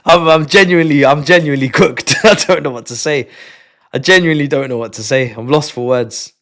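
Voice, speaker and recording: Man, livestream chat, slangy, excitable, bright. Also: a little high, brisk. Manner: excitable, slangy, laughing and sighing often. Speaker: livestream host. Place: his home.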